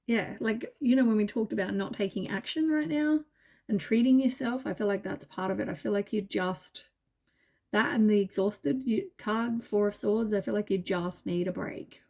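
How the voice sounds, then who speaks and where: A woman's voice: medium pitch, moderate pace, creaky, warm tone. A woman giving a casual tarot reading, tired and yawning, talking in a meandering way full of fillers and reassurances. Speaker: tarot reader.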